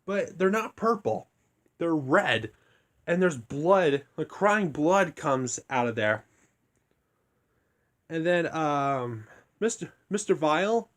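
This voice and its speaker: Hushed, rambling young man, slightly high voice. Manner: rambling, hushed to keep from waking others. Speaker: reviewer. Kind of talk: casual retelling of a story.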